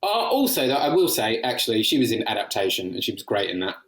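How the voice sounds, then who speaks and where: A man co-hosting a podcast, telling animated stories in casual chat. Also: lowish voice. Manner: animated storyteller, does quick impressions. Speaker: podcast co-host. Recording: roomy echo.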